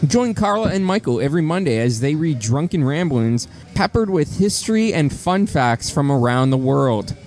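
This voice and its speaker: A man's voice: a little high, big pitch swings, moderate pace, hardly any pauses, a little mellow. Profane, teasing male podcast host. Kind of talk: casual podcast banter.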